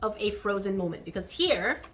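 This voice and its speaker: A woman hosting a crafting vlog, chatting casually and gushing excitedly over tiny miniature items as she builds a project. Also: medium pitch, moderate pace, background noise. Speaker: crafting channel host.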